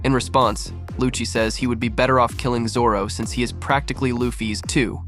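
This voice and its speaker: A man's voice: mid-range voice, fairly even intonation, brisk, fairly bright tone, soft background music. Matter-of-fact male recap narrator. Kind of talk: scripted narration.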